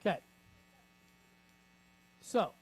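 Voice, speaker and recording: A man teaching a reading lesson, breaking words into sounds and checking in with the class after each step. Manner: patient, checks in with frequent "right?"; spells out sounds slowly, syllable by syllable.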